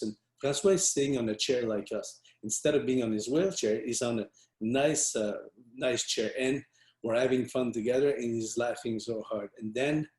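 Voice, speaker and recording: A man's voice: mid-range voice, darkish tone. Man, earnest motivational speaker, storytelling, restarts often, roomy echo. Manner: earnest, many restarts and fillers. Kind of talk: storytelling talk.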